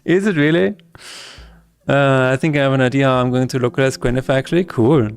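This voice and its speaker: A man's voice: mid-range voice, fairly quick, clean tone. A man from Austria, speaking English, chatting casually on a game-development livestream and laughing often. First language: German. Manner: chatty, laughs often, reads chat aloud.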